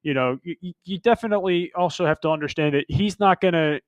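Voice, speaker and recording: Halting man on a sports podcast. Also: fairly high pitch, no echo, lo-fi sound. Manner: halting, stammers and restarts, heavy "you know". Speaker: podcast co-host. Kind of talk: casual sports talk.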